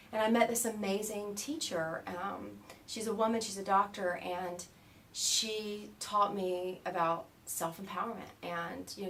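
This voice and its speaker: An American woman telling stories in a casual interview, animated and laughing often as she mimics the people she met. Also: lowish voice, recorded from a distance, a little hiss or hum. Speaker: interview guest.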